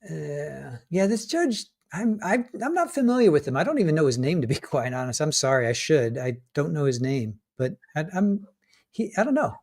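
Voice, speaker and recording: Male co-host, trial-commentary stream, halting delivery with frequent restarts. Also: on the high side, big pitch swings, darkish tone. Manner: hesitant, restarts often, chuckles while reading out legal points. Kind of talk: casual live commentary.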